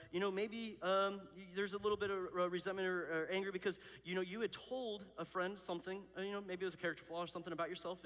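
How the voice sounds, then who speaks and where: A man in his thirties preaches to students in a rapid, rambling stream. His voice sits a little high, and he keeps laughing at himself between the fillers. His words ring out through a long hall reverb. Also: fairly bright tone. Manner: candid, self-deprecating, chatty with many fillers. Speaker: student pastor. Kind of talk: youth sermon with personal storytelling.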